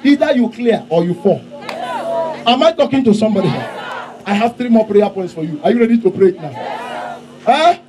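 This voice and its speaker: A man preaching fiercely and leading an altar-call prayer, shouting out lines for the crowd to repeat. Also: high-pitched, animated, fairly quick, pauses often. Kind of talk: fiery crusade sermon and altar-call prayer. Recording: noisy open-air crusade with crowd.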